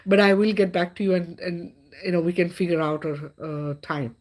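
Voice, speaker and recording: A woman's voice: fairly low pitch, moderate pace, a little mellow. A middle-aged woman hosting a live stream in a casual, chatty way, with many fillers and frequent laughter.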